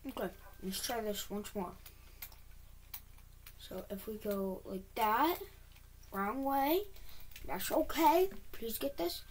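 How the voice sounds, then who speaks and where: A woman talking to herself as she plays a building game, quickly frustrated and humming as she works. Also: on the high side, darkish tone, slight background noise. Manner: talks to herself, quickly frustrated, hums while working. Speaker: gaming video creator. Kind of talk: self-talk while playing a game.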